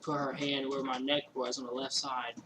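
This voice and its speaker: A man telling a personal story casually indoors at home, rambling and animated, with lots of fillers and quoted asides. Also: medium pitch, normal speed, noisy background.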